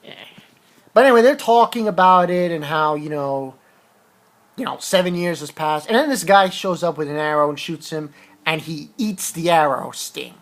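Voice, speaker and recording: A man's voice: on the high side, moderate pace, a bit bright. A man recaps a manga chapter in a loose, unscripted way, his nose audibly stuffy. He wanders through the plot, trips over his words and starts sentences again and again. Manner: rambling, hesitant, with frequent restarts and fillers. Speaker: manga reviewer. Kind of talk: casual chapter review.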